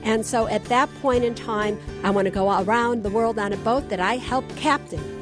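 A woman in her sixties, her voice set a little high, speaking in a recorded interview clip. Music plays clearly under her. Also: moderate pace. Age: 60s. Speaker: interview guest.

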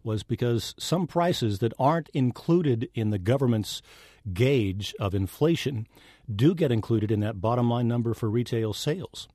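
A man's voice: mid-range voice, expressive, normal speed, warm tone, no echo. A man working as a senior business correspondent in a radio studio, explaining the week's economic news in a jovial manner.

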